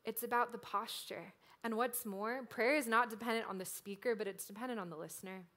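A woman delivers a sermon in a relaxed, chatty manner, peppering her points with "like" as she talks them through. Her voice sits a little higher than most women's. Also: fast talker. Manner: conversational, frequent "like" fillers. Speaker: preacher.

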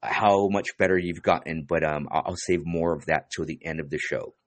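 Deep-voiced laid-back male podcast host. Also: moderate pace, no room sound. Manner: laid-back, says "dude" a lot, many fillers. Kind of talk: casual podcast chat.

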